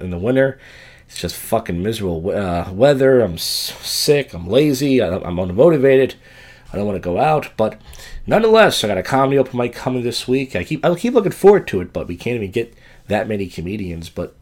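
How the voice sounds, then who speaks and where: A man's voice: on the low side, darkish tone. A man hosting a show, giving rambling, profane, self-mocking commentary on clips. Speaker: show host reacting to clips.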